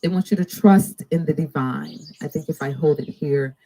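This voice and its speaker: A woman giving a live-streamed tarot reading, drawing out each card's message slowly between chatty asides to her viewers. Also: low voice, warm tone, rough recording. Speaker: tarot card reader. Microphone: two cameras.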